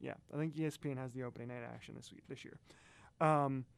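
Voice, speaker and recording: A man's voice: mid-range voice, steady tone, quick pace, vocal fry, clean tone, no echo. A man co-hosting a casual podcast, chatting in a folksy way and speaking straight to his listeners. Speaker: podcast co-host. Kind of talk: casual chat.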